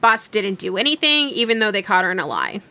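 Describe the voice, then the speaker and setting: A woman's voice: mid-range voice, fairly quick, dry recording. A young woman casually telling a long work story, acting out the dialogue as she goes. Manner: animated retelling with quoted dialogue.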